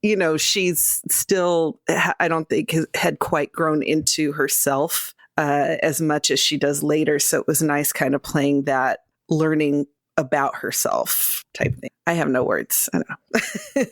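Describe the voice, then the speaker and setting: A woman's voice: low voice, a little slow, no room sound, studio quality. A woman who plays in a tabletop game, chatting about her character and laughing often. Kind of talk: casual discussion of a finished campaign.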